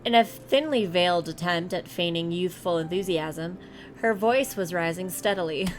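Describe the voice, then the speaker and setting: A woman's voice: fairly low pitch, moderate pace, a little hiss or hum. A woman reading a visual novel aloud on a stream, with casual, self-mocking asides. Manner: casual, laughs at herself, asides. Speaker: narrator reading a game aloud.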